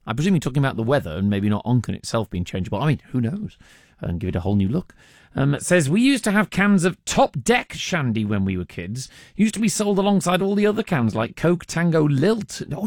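Male radio host, slightly high, animated delivery, jokey and casual. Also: brisk, no room sound, clean studio sound. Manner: chatty, jokey, with many ums. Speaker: radio presenter. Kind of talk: casual radio chat and travel news. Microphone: studio microphone.

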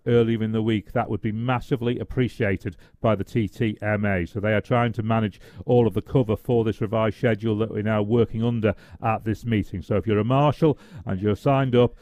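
A man's voice: fairly low pitch, a little mellow, dry recording, clean studio sound. A man co-commentating on a motorbike race for radio, rattling through finishers and reading out notices. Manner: fast, reels off finishers and notices.

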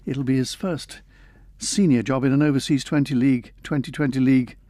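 A man's voice: mid-range voice, fairly even intonation, a little fast, mellow, dry recording. A man reading radio news in a close studio mic, adding chatty asides between items. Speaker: newsreader.

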